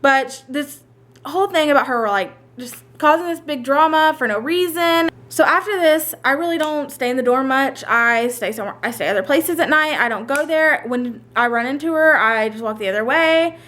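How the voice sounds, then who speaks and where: High-voiced young woman telling a storytime. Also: normal speed, a bit bright. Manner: chatty, retells quotes in many "like" asides. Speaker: storyteller vlogger. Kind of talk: casual storytime vlog.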